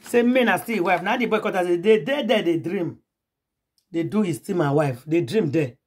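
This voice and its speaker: A woman's voice: lowish voice, normal speed, a little mellow, husky. A woman with a Nigerian accent hosting a celebrity gossip vlog. She tells the story dramatically, acting out each quoted voice and calling on her audience directly.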